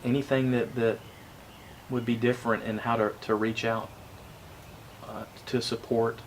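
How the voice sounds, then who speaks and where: A man hosting a casual interview, reflective and halting, often repeating words as he gathers his thoughts. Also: mid-range voice, level tone, slight background noise. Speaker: interview host.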